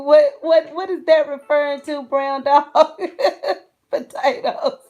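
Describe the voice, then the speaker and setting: A woman's voice: high-pitched, darkish tone. A middle-aged woman, chatting casually with viewers on a livestream and laughing often between phrases. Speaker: channel host.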